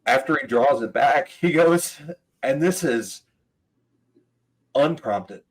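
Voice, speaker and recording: An animated man spinning a story in casual podcast chat. He talks at a middling pitch, with quick asides and frequent laughter. He sounds like a comedian recounting a gig. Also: husky, poor audio.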